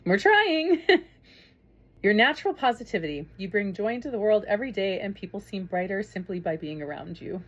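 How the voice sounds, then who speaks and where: A woman's voice: mid-range voice, fast talker, hardly any pauses. A woman, from Minnesota, talking to camera in a chatty, effusive vlog style with frequent laughs. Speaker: parent vlogger. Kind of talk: casual storytelling to camera.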